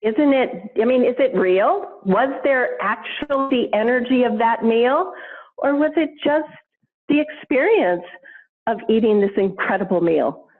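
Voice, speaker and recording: Female guest, somewhat high voice, animated storyteller who laughs easily, heard over a tinny phone line. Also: a little slow. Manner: animated, laughs often, expressive pitch swings. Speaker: podcast guest, intuition teacher. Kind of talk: conversational storytelling.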